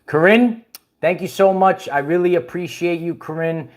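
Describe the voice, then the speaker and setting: A man's voice: high-pitched, normal speed. A man hosting a casual spiritual livestream, rambling with many restarts and chuckles while he greets viewers and reads their comments. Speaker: livestream host.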